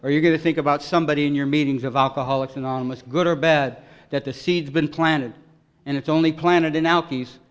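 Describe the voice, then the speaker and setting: A man giving an earnest, emotional personal testimony at a recovery meeting, voice swelling loud at its peaks. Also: fairly high pitch, fairly even intonation, brisk, smooth.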